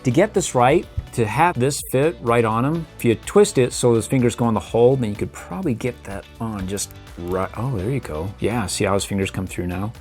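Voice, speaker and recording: Playful middle-aged man with lively delivery. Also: medium pitch, a little fast, faint music behind. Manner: playful, chuckling, makes sound effects while posing toys. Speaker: toy reviewer host. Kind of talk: casual toy review commentary.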